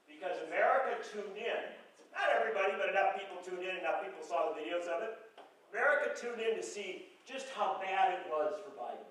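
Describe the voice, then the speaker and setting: Journalist in his sixties, high-voiced, rambling and funny, heard from far off in an echoing hall. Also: expressive, a little fast, a bit bright. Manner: rambling, joking, acts out quoted people. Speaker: journalist and guest speaker. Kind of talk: humorous public talk to a local audience. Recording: echoey hall from far off, faint noise.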